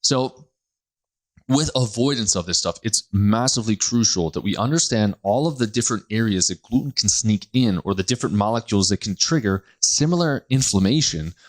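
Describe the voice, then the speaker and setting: A man hosting a solo health podcast, animated and joking, often laughing and acting out other people. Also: on the low side. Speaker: podcast host, health practitioner.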